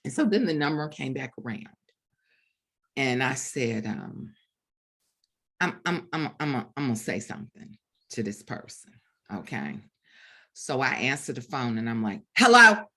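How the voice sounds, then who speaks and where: A middle-aged woman, an author, telling a story in an animated way at a bookstore event, with lots of fillers and restarts. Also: a bass voice, measured pace, long pauses, husky. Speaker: author guest. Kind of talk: storytelling conversation at a book event.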